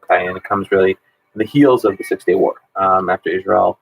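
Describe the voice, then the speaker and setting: A man's voice: low voice, fairly even intonation, brisk, creaky, husky, poor audio. A man in his thirties, a history teacher running a casual exam review Q&A and talking in a chatty way with many ums and restarts.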